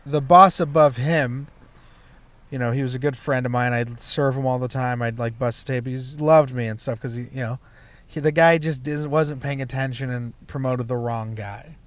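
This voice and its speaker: A young man who does stand-up chats casually as a guest, spinning a loose, foul-mouthed story from his past. He speaks at normal speed in a mid-range voice, leaning on fillers such as "you know" and "like."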